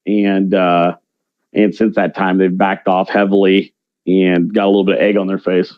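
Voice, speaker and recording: A man's voice: sits low, little pitch movement, moderate pace, dry recording, muffled recording. A man talking as an interview guest in a blunt, brash, slangy way. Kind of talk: casual interview talk.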